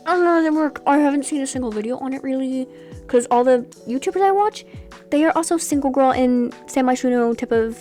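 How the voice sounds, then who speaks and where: Young woman, casual gameplay voice-over, slightly high, rambling and animated, faint music under. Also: brisk. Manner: chatty, rambling, animated asides. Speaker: Sims gameplay creator.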